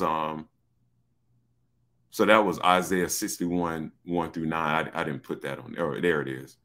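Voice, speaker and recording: A man teaching an informal Bible study, excitable, often repeating himself and calling to his listeners. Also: lowish voice. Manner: excitable, repeats "look", addresses listeners as baby.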